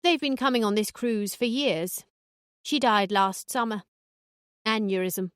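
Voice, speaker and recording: Lady voicing a blunt old woman, swears a lot, dry deadpan, audiobook. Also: mid-range voice, a little slow, clean tone, no room sound, natural voice. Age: older. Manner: blunt and crude, dry put-downs. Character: blunt, foul-mouthed older woman living on a cruise ship. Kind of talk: audiobook dialogue.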